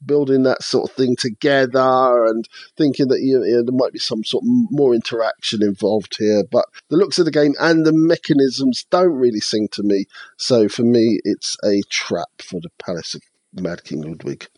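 A man's voice: mid-range voice, moderate pace, a little mellow, dry recording. A man co-hosting a podcast, chatting casually and walking methodically through a board game's rules step by step. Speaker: podcast co-host. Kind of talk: casual chat reviewing board games.

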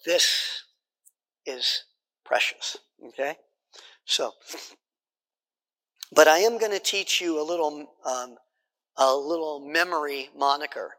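A man's voice: fairly high pitch, slow, long pauses, sharp tone, in a large hall. A man teaching a Bible study class in a conversational way, repeating points and checking in with his listeners.

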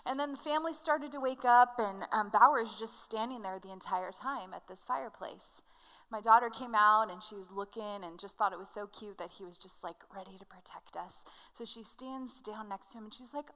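Bright-voiced woman preaching in a reverberant hall. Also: on the high side, normal speed. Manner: animated storytelling, conversational with the congregation. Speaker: pastor. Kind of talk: sermon with personal story. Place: church hall.

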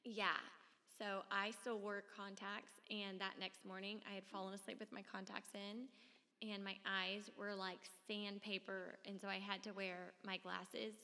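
A woman telling a story in casual chat, animated and self-mocking, laughing often. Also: mid-range voice, measured pace. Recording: long hall reverb.

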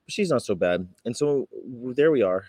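Dark-voiced rambling man, dry close sound. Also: mid-range voice, expressive, normal speed, slightly rough, no room sound. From California. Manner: rambling storyteller, acts out confrontations in raised voices. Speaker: vegan activist vlogger. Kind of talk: casual talking-to-camera vlog.

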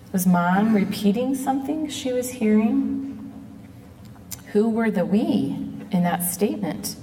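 A middle-aged woman giving an earnest personal testimony, speaking in a measured way and slowing down on quoted words. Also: mid-range voice, mellow. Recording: echoey hall, mic at a distance.

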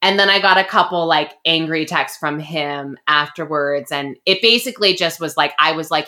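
A young woman casually telling a personal story as a podcast co-host, chatty and animated with plenty of fillers. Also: deep voice, normal speed, few pauses.

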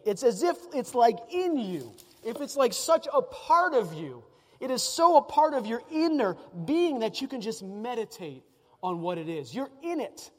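A man's voice: very high voice, big pitch swings, measured pace. A man, a pastor, preaching a sermon in a conversational, emphatic way, piling up repeated phrases. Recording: long hall reverb.

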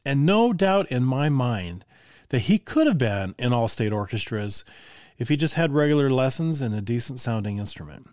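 An older man recounting his years as an orchestra teacher, chatting easily and laughing now and then. His voice sits at an ordinary pitch, recorded close and dry with no room sound. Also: normal speed, no room sound. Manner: relaxed, conversational, chuckles often, asides to listener. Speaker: orchestra teacher telling stories. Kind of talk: casual storytelling.

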